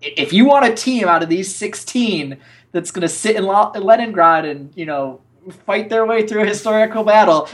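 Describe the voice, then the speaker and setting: Animated man breaking down esports play. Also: high voice, normal speed. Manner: animated, opinionated, acts out quotes. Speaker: esports analyst co-host. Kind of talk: casual analysis chat.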